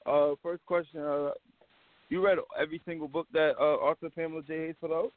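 A man co-hosting a casual online show, easygoing and a little halting as he asks questions. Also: on the high side, level tone, no echo. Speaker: co-host. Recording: dry tinny phone line.

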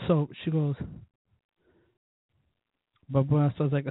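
A man hosting his own show, telling rambling, profane stories in a casual drunken way, with sudden loud bursts. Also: on the high side, level tone, measured pace, long pauses, dry recording, phone-quality sound. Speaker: podcast host.

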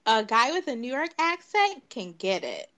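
A woman from Detroit co-hosting a casual podcast chat, dropping in slow, playful remarks. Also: a little high, very animated, fairly bright tone. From Detroit, Michigan. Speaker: podcast co-host.

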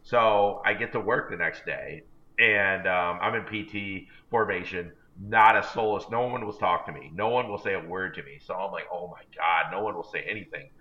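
Man, podcast co-host, casual rambling storyteller, self-deprecating, slightly low voice, dull lo-fi sound. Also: normal speed. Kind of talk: casual chat. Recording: dull lo-fi recording.

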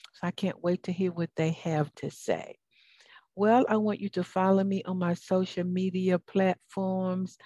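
A woman's voice: lowish voice, mellow, dry recording. Folksy Southern woman hosting a talk show. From Atlanta, US. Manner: folksy and encouraging, drawls some words out. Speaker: host. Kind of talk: upbeat talk radio hosting.

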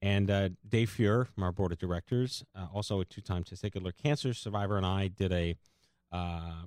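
Low-voiced man hosting a podcast. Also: darkish tone, dry recording, studio quality. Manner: rambling, halting with many fillers. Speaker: podcast host, co-founder of the organization. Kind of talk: casual podcast chat.

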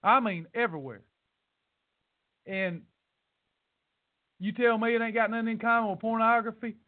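A man with a high voice speaks at a moderate pace on a dry, tinny, phone-like recording. Hosting a weight loss podcast, he delivers a preachy motivational rant, scolding listeners bluntly and repeating points for emphasis.

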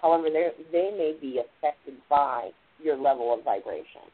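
Heard through tinny phone-line radio audio, this woman hosts a spiritual show and explains ideas in a loose, meandering way, frequently using "like" and "literally." Her low voice is expressive and her pace moderate.

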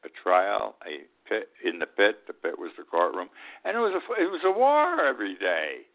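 A man's voice: fairly low pitch, creaky. Blunt man in his eighties. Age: 80s. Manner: blunt, indignant, repeats himself. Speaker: host. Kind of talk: political commentary monologue. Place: Key West. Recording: tinny phone-like line.

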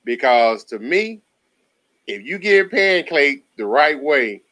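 Excitable guy co-hosting a football chat, high bright voice, laughs a lot. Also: slow. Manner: animated, laughs often, slangy. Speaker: podcast co-host. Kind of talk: casual sports chat.

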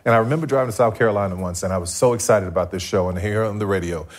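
A man giving a personal testimony as a guest before a live audience, telling his story with animated, acted-out dialogue. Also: lowish voice, very fast. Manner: animated, acts out his past self in dialogue. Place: stage in front of a live audience.

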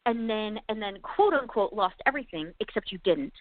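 A woman's voice: mid-range voice, expressive, brisk, no room sound, narrow, tinny audio. A woman co-hosting a casual faith podcast, talking earnestly and encouragingly to her friend. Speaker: co-host.

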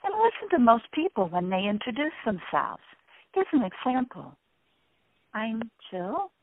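A woman's voice: on the high side, sing-song, normal speed, dry recording. A woman guest in an interview, explaining ideas and shifting her tone to show different ways of speaking. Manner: demonstrates voices by shifting tone. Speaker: sound healing guest. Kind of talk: interview conversation. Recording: tinny phone-like line, dry.

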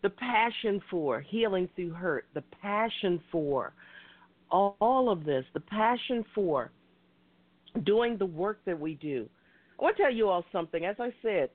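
Over a tinny, phone-like line, a woman hosts an internet talk radio show, talking effusively, passionately and in a rambling way. Her mid-range voice is animated and moves at normal speed.

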